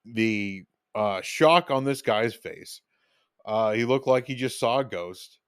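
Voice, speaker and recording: A podcast host delivers a casual storytelling monologue about his own life, rambling loosely with fillers and small restarts and slipping into quoting himself. His voice sits at an ordinary middle pitch for a man, slow and smooth. It's recorded close up, dry, with almost no room sound and no echo.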